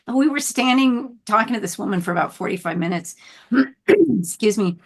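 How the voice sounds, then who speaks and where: A woman telling her recovery story in a candid, animated conversational way, laughing often and going soft when moved. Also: fairly high pitch, normal speed. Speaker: guest sharing recovery story.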